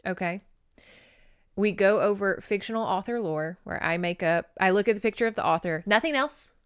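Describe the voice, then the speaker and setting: Gal rambling about a book on her podcast, clear smooth voice, laughs a lot. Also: medium pitch. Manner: chatty, laughs often, swears casually. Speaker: podcast host reviewing a novel. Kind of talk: casual chat.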